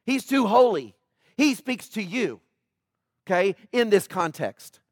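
Emphatic high-voiced male preacher. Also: big pitch swings, takes it slowly, no echo, studio quality. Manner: emphatic, swinging between loud and hushed. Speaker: pastor. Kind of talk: sermon.

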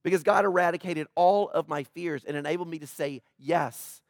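Emphatic high-voiced male preacher. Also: moderate pace, no room sound, clean studio sound. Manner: emphatic, swinging between loud and hushed. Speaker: pastor. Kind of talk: sermon.

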